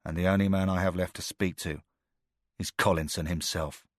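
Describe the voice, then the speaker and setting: A man reading an audiobook voices a hard British ex-soldier, growling his threats in a low, menacing way. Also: steady tone, normal speed, no room sound, clean studio sound, natural voice.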